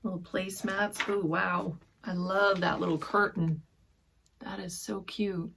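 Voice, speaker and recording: A woman vlogger chatting through a sewing haul, gushing softly and often dropping to a whisper over fabrics and books. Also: mid-range voice, steady tone, unhurried, creaky, noisy background. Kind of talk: casual haul chat.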